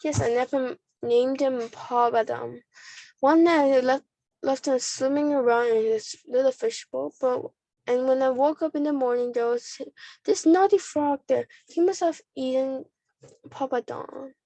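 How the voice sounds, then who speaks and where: A woman's voice: high voice, a little slow, no echo. A woman voicing a big jolly, kind male shopkeeper in a storybook reading, fatherly and a bit muddled. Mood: kindly. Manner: warm, fatherly, a little muddled.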